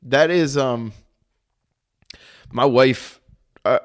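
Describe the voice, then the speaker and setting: A man co-hosting a podcast talks in a casual, animated and rambling way, full of fillers. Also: mid-range voice, very slow. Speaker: podcast co-host. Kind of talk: casual chat.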